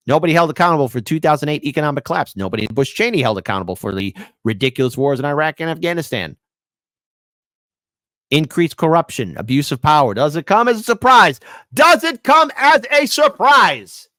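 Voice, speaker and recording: A man's voice: on the high side, no room sound. A man hosting opinionated political commentary, combative and sarcastic, speaking into a close mic.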